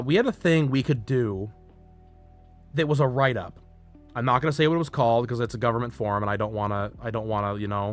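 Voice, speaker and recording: A male streamer telling a story casually, animated and profane, swinging between loud bursts and muttered asides. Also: medium pitch.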